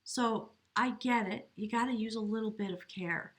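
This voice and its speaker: A woman talks through a tarot reading in an earnest, searching way. Her delivery is slow and reflective, with pauses. She sounds close to tears at times. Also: fairly high pitch, a bit bright. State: choked up with emotion. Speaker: tarot reader. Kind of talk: spiritual tarot reading to camera. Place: home, near a window.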